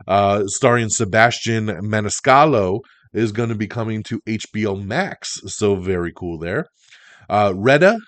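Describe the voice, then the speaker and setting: A lower-pitched man hosts a casual news rundown, talking in a loose, opinionated way with plenty of ums and uhs. The recording is dry and close. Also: dry recording. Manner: chatty, opinionated, fillers. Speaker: host of an entertainment news show.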